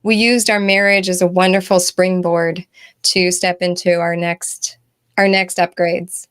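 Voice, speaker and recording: A woman guest on an interview show, telling a personal story in an animated way, acting out the dialogue and laughing often. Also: fairly low pitch, unhurried, smooth. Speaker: guest author and spiritual healer.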